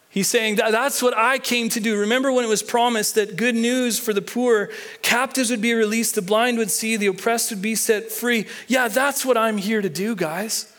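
A man with a high-pitched voice delivering a sermon as pastor. His talk is loose and conversational, with stumbles, restarts and lines said twice for emphasis. He draws the congregation into reading along and answering back. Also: fairly even intonation, moderate pace, fairly bright tone. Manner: leads the congregation in reading and call-and-response.

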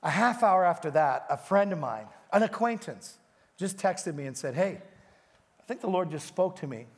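A man's voice: high-pitched, lively intonation, normal speed. A man preaching a sermon with energy in a large church, speaking directly to the congregation. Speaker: pastor. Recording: reverberant church hall.

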